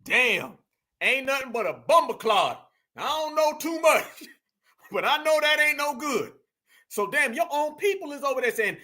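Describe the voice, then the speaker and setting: A man with a very high, bright voice hosts reaction commentary. He is animated and mocking, talking straight at his viewers. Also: unhurried. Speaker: commentary host.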